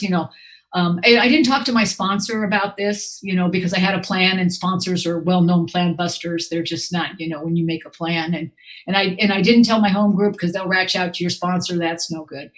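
A woman's voice: lowish voice, fairly even intonation, normal speed. An older woman, a new grandmother, giving a candid, rambling, self-mocking personal share at a recovery meeting, full of fillers and restarts. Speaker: speaker sharing at a recovery meeting.

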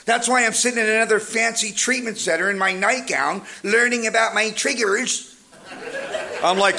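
A man's voice: sits high, moderate pace, a crowd in the background. A man giving a humorous motivational recovery talk, telling stories with energy and jokes. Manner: energetic joking storyteller. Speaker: recovery speaker.

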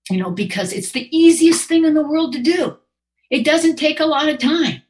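An older woman, a new grandmother, giving a candid, rambling, self-mocking personal share at a recovery meeting, full of fillers and restarts. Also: on the high side. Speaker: speaker sharing at a recovery meeting.

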